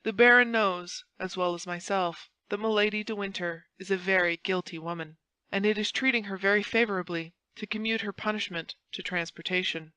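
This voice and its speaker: A woman's voice: mid-range voice, fairly even intonation, brisk, pushed and bright, smooth, no echo, close to an everyday voice. A woman voicing a haughty, imperious noble duke who speaks with proud indignation.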